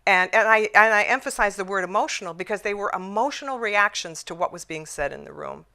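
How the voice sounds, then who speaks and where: A woman's voice: medium pitch, brisk, vocal fry, pushed and bright. A middle-aged woman giving a conference talk about resolving conflicts, telling her story reflectively, with restarts and fillers.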